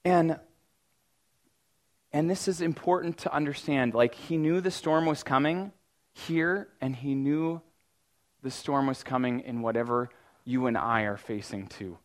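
This man preaches at a measured pace in a mid-range voice, pausing often. The sermon is informal and conversational, with frequent "like"s, restarted sentences, and occasional loud mock-panic cries.

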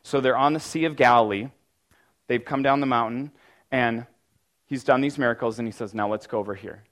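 A pastor delivers a sermon in a casual, conversational style, often saying "like," restarting sentences, and occasionally erupting into loud mock-panic cries. His medium-pitched voice holds a steady tone at a moderate pace.

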